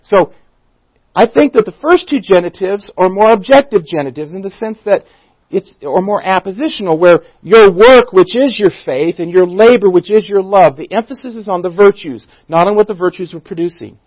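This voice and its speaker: A man with a high voice teaches a Bible passage in a church. He asks his listeners questions, stumbles and restarts, and stresses key words. The recording is dry and muffled. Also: lively intonation, a little fast, no room sound. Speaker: pastor teaching a Bible study. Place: church room.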